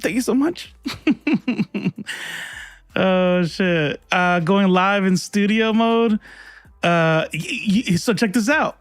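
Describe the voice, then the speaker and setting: A chatty young man hosting a livestream, his voice a touch high and the sound dry and close. He laughs often and swears casually as he talks to viewers, with faint music underneath. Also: expressive, slow, smooth, no echo. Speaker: livestream host.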